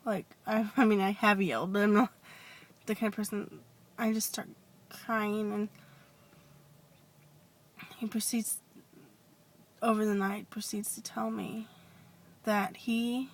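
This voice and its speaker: A woman telling a personal story in a confessional vlog, hesitant and rambling with many restarts, sometimes dropping to a soft whisper. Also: mid-range voice, flat delivery, slow, pauses often. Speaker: vlogger.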